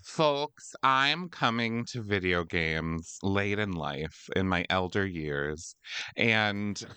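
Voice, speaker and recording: Lively, bright-voiced playful podcast man. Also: low-pitched, takes it slowly, smooth, no room sound. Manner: playful, teasing, drops into bits. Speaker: podcast co-host. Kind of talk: casual comedic chat.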